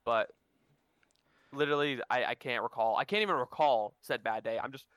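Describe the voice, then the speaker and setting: A man telling workplace stories in a casual podcast chat, animated and swearing freely. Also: mid-range voice, moderate pace, no room sound. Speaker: podcast co-host.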